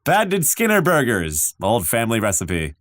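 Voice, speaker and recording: A man's voice: medium pitch, wildly swooping pitch, normal speed, fairly bright tone, slight background noise. Flustered cartoon school principal, nervous and overly polite, voice swooping all over, played by a male streamer.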